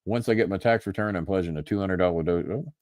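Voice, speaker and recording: A man's voice: deep voice, quick pace, a little mellow, no echo. An older man from Louisville with a Southern accent, hosting a live podcast in casual, rambling talk with frequent chuckles. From Louisville, Kentucky. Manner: rambling, chuckling, restarts words. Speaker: podcast host. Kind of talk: casual live-stream chat.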